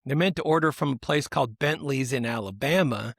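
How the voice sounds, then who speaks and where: A man's voice: mid-range voice, brisk, gravelly, fairly bright tone, slightly rough, no echo, studio quality. A man hosting a casual podcast, reading news stories aloud in a rambling, self-interrupting way. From United States. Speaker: podcast host.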